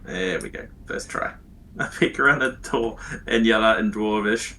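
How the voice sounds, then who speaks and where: A man's voice: lowish voice, normal speed, sharp tone, a little hiss or hum. A man playing a tabletop game, laughing often and playful. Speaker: player. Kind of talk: casual tabletop play.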